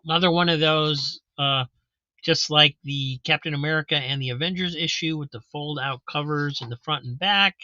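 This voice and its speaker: Chatty comic auction host, a man with a bright, slightly high voice, close and dry. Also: normal speed, dry recording, muffled recording. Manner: casual, chatty, describes books as he goes. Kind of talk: live auction commentary.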